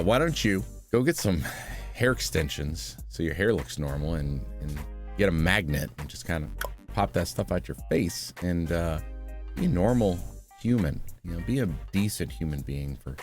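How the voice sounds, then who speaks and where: A man's voice: low voice, lively intonation, moderate pace, faint music behind. A man giving sarcastic, scornful reaction commentary, rambling and restarting as he mocks.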